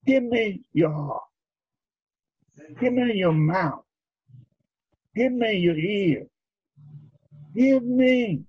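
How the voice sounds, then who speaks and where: A male preacher giving a sermon in a rhythmic, drawn-out style, calling for responses from his congregation. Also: sits high, lively intonation, slightly rough, no room sound. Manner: rhythmic, drawn-out phrasing, leads the congregation in repeating lines. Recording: dull lo-fi recording.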